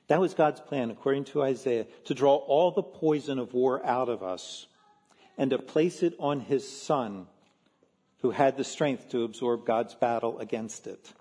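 Husky-voiced man preaching a sermon. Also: mid-range voice, mellow, long reverb tail. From Philadelphia. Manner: earnest, measured preaching with slow emphatic stresses. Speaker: pastor.

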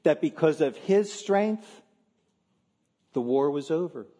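A man, a pastor from Philadelphia, preaching a sermon in an earnest, measured way with slow emphatic stresses. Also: on the high side, lively intonation, dark tone, in a large hall.

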